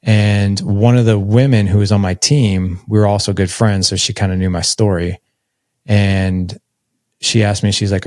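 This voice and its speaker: A man's voice: on the low side, fairly even intonation, brisk, creaky, a little mellow, no echo, clean studio sound. A man in his forties telling a personal story as a podcast guest, candid and conversational, with lots of filler words. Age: 40s.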